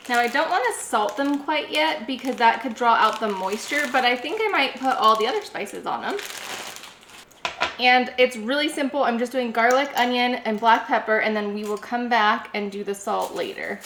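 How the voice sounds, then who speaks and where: A woman's voice: fairly high pitch, moderate pace, fairly bright tone, slight background noise. Chatty woman cooking in an echoey kitchen. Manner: chatty, talks herself through each step. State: out of breath. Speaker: home cooking vlogger. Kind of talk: casual cooking narration. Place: home kitchen.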